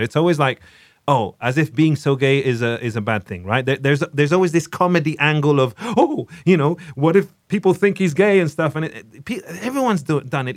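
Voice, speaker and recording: A man's voice: fairly high pitch, no echo, clean studio sound. A man hosting a podcast, giving casual commentary on films in a chatty, emphatic way with many restarts. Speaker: podcast host.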